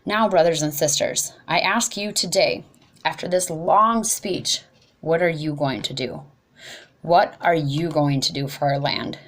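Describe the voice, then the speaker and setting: A young woman giving an impassioned speech, her voice rising and growing loud when upset, often tripping over words and apologizing. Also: low-pitched, a little slow. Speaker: speaker at a protest talk.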